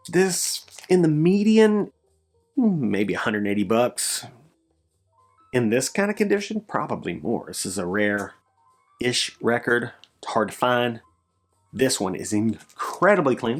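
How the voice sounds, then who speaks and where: Excitable male record collector vlogging. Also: unhurried, faint music behind. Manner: excitable, voice jumps up when thrilled, then drops low. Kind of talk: casual show-and-tell vlog.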